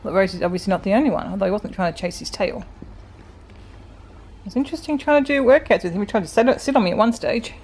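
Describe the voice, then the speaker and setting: Australian woman in her forties, gravelly, chatty. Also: medium pitch, animated, fast, a little mellow, slight background noise. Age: 40s. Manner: rambling, chatty, laughs often while talking to her dogs. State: out of breath from exercising. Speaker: vlogger. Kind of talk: casual vlog chat. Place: at home.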